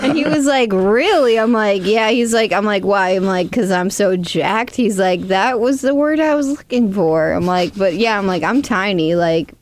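A woman's voice: mid-range voice, animated, moderate pace, few pauses. A young woman from Wisconsin, a podcast guest who chats in a giggly, rambling way, full of "like"s. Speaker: guest, stripper. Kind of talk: casual podcast chat.

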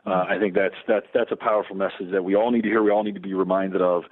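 A man's voice: deep voice, little pitch movement. A middle-aged man, a Lutheran campus pastor, talking earnestly as a radio guest, often restarting his sentences. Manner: earnest, halting with many restarts. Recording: tinny phone line.

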